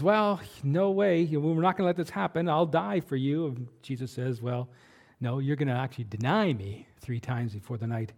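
Guy preaching a sermon, kinda high voice, warm and mellow, lots of uh and um. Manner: conversational, many fillers and restarts. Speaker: pastor.

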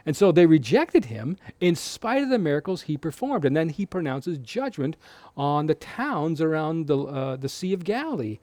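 Lively, mellow-voiced male preacher. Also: a little high, normal speed, dry recording. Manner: explanatory, conversational, with frequent restarts. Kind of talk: Bible teaching sermon.

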